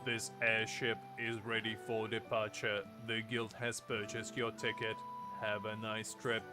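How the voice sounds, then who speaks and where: A gameplay streamer with a fairly low voice reads the game's dialogue aloud at a measured pace, his delivery completely flat. He pads it with playful, rambling asides in casual commentary while game music plays behind him.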